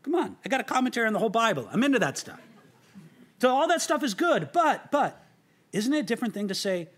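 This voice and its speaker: A man with a high, forceful voice walks through scripture verse by verse. He presses his points hard and keeps turning to the listener with rhetorical questions. When he gets excited he stumbles and repeats words. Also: quick pace. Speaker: Bible teacher. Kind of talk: verse-by-verse Bible teaching.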